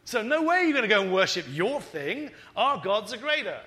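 A man voicing an arrogant, dismissive ancient king during a sermon, loud and scornful. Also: high-pitched, sing-song, normal speed, in a large hall, pitched above the performer's own voice, heavily acted. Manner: scornful, boastful.

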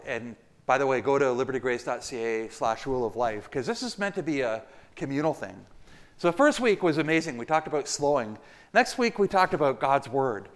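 A male pastor giving a conversational, joking sermon. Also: on the high side.

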